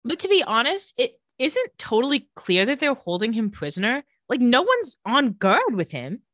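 A woman's voice: fairly high pitch, huge pitch swings, normal speed, fairly bright tone, dry recording. A woman co-hosts a casual recap podcast, playful and sassy, with a voice that rises and falls a lot. The sound is dry and close. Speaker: podcast co-host.

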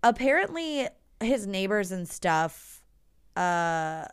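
Podcast co-host, woman, chatty and animated, crisp clean voice. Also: mid-range voice, slow pace. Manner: chatty and animated, heavy use of "like". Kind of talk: casual chat.

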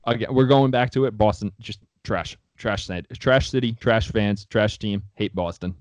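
A young man with a fairly low voice co-hosts a sports podcast, talking at a moderate pace in a loose, blunt, opinionated, offhand way and swearing freely. The sound is dry and close-miked, with no room around him.

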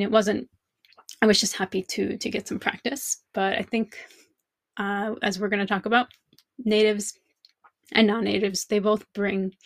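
Woman podcast host, reflective solo chat, creaky gravelly voice, dry close sound. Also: medium pitch, dry recording. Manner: chatty, reflective, many fillers and restarts. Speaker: podcast host, language teacher.

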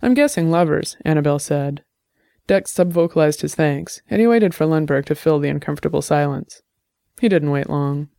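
A narrator reading a story aloud in a steady, measured way. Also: mid-range voice, vocal fry, dry recording, studio quality. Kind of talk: scripted audiobook narration.

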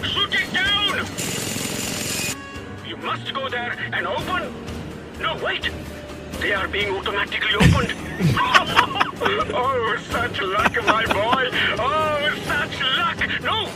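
This is a boisterous old boat captain who keeps barking orders. His voice sits very high, and he drawls slowly with a cackling laugh and an exaggerated accent. Loud game music plays behind him. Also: big pitch swings, full character voice. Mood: bossy. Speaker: video game character.

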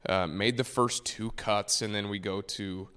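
Low-voiced man telling a caddie story. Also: measured pace, clear, resonant tone. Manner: relaxed, rambling, self-correcting. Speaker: tour caddie, guest. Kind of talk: casual storytelling.

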